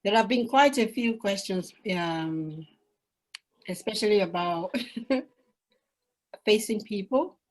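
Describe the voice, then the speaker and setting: Soft-spoken woman moderator. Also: mid-range voice, animated, slow, long pauses. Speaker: session moderator reading chat. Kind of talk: casual moderating.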